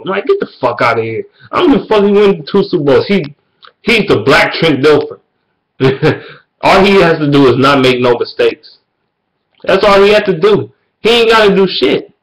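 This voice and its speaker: Male vlogger, heated profane rant, loud and repetitive. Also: a little high, low-quality recording. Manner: loud and animated.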